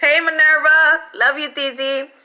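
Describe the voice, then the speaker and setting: A woman reading a picture book aloud to children, with lively, chatty asides to her young listeners. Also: high-pitched, a little slow, over music, poor audio. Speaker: children's story reader.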